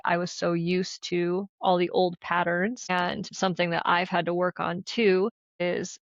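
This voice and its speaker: A woman co-hosting a podcast, talking candidly and swearing casually as she acts out snippets of conversation. Her voice sits a little low. The sound is dry and slightly dull. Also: no echo. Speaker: podcast co-host. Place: living in Salt Lake City.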